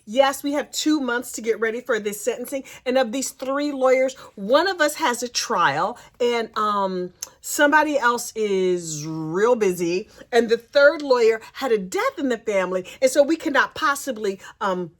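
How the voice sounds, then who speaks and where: A woman's voice: fairly high pitch, animated, normal speed, few pauses, close to an everyday voice. A woman voicing a flustered female defense lawyer who fawns and rambles through excuses. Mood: pleading.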